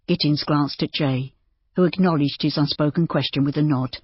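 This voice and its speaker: An audiobook narrator reading a historical novel in a steady, measured way. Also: mid-range voice, husky, no room sound. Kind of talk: scripted narration. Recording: dull lo-fi dry.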